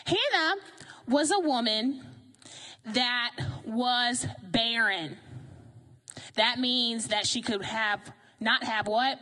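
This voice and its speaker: High-voiced woman preaching animatedly. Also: takes it slowly, pauses often. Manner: animated, conversational, asks the congregation questions. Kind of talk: sermon.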